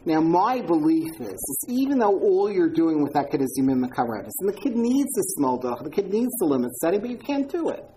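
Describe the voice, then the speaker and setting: Woman speaker, informal lecture, storytelling, repeats words, deep voice, faint hiss. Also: sing-song, a little fast, few pauses, mellow, poor audio. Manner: conversational storyteller, repeats words, frequent ums. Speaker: speaker answering audience questions on mentoring youth.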